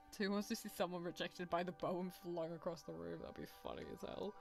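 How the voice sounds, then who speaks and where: A woman's voice: fairly low pitch, steady tone, quick pace, vocal fry, few pauses, a little mellow, faint music behind. A British woman streaming a story game, chatting and laughing with her chat and reading the text aloud. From Britain. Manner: chatty, giggly, talks to chat.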